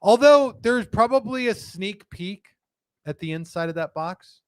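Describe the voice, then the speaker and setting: A man hosting a live stream, talking in a chatty, rambling and animated way. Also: sits high, unhurried, dry recording. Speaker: host.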